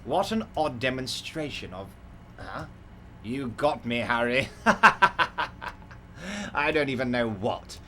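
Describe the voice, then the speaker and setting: A man putting on a large, middle-aged union boss with a bright, cutting tone and an ingratiating, falsely soothing way of talking. He sits at mid pitch and keeps everything sounding pleasant while he schemes, voiced in a game playthrough. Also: animated, measured pace, a little hiss or hum. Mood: amused. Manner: smooth, ingratiating, falsely reassuring. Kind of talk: voicing characters in a game playthrough.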